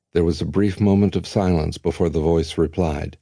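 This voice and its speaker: A man reading an audiobook in a steady, measured narration. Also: very deep voice, creaky, no echo, studio quality. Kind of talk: scripted narration.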